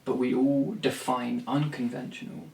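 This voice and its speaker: Speaking with vocal fry and a darkish tone, this songwriter-vlogger keeps his mid-range pitch fairly still at a moderate pace. His to-camera talk is rambling and blunt, heavy on swearing and restarts, captured roomy and far from the mic with faint ambience.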